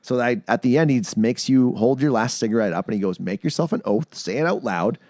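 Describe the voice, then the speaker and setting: A man hosting a casual podcast, telling stories with lively, acted-out quotes. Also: medium pitch, a little fast, dry recording, clean studio sound. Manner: animated storyteller, acts out quoted voices. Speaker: podcast host.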